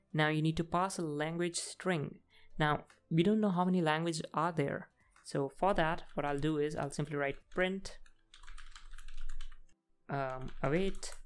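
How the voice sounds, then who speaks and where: A man with a smooth voice on the high side hosts a casual screen-recorded coding walkthrough. He talks through each step as he types, using plenty of fillers.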